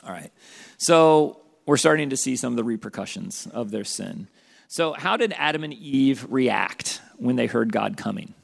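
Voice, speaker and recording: A man's voice: medium pitch, creaky. A man teaching a youth Bible study as its pastor, asking questions and calling on students by name. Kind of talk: interactive Bible study lesson.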